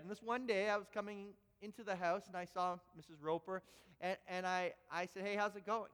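A middle-aged male pastor from Canada preaching a sermon to his church, telling stories with lively energy and stumbling over repeated words. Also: very high voice, in a large hall. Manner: animated storytelling with frequent repeated words. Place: church sanctuary.

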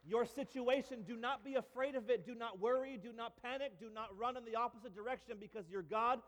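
A man's voice: extremely high pitch, brisk. A man preaching a sermon as a pastor, emphatic and repetitive with touches of light humor. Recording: long reverb of a large hall.

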